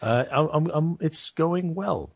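A man, co-hosting a casual podcast chat and explaining things at a deliberate pace. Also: fairly high pitch, animated, gravelly, noisy background. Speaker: podcast co-host.

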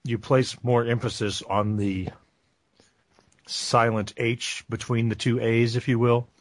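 A man, co-hosting a casual podcast chat and explaining things at a deliberate pace. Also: mid-range voice, flat delivery, no room sound. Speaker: podcast co-host.

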